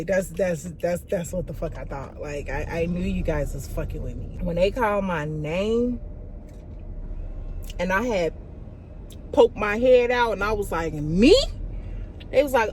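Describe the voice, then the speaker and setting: A young woman, telling a storytime vlog in an animated, profane way, full of "like" and "y'all". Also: on the low side, unhurried, slight background noise. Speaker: vlogger.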